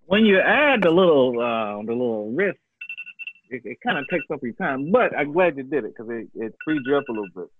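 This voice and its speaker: A man joking and laughing through a comedy set on a video call, full of quick bursts of high mocking voices. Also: expressive, a little hiss or hum. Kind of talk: casual banter. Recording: tinny phone-like call audio.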